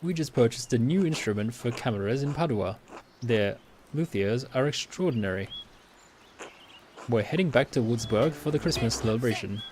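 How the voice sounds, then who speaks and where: A man's voice: mid-range voice, expressive, moderate pace, a little mellow, a little hiss or hum, close to an everyday voice. A man putting on a grand, courtly travelling musician. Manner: theatrical put-on accent, grand.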